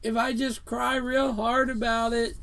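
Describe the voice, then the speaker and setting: A man's voice: very high-pitched, level tone, unhurried, vocal fry, fairly bright tone. A man preaching an earnest sermon in a house of worship, reading scripture verses aloud.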